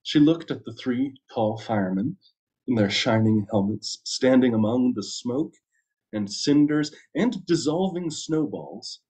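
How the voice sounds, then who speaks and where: A man, a minister, reading a story aloud at a church service with an expressive storytelling delivery. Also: mid-range voice, measured pace.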